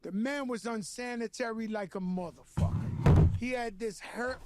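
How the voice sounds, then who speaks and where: A man in his fifties on a podcast, telling animated, profane stories about growing up in casual chat. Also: very high-pitched, normal speed. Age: 50s. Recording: faint background noise.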